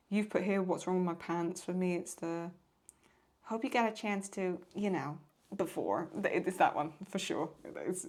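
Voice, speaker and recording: Rambling woman, lowish voice. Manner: rambling, paraphrasing lines, apologizes for getting stuck. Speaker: YouTube host answering viewer questions. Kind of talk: casual chat.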